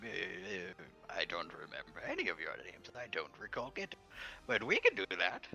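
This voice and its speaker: A man's voice: low voice, huge pitch swings, moderate pace, creaky, pushed and bright, soft background music. A man playing a tabletop game, talking in a hesitant, stammering way. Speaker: player.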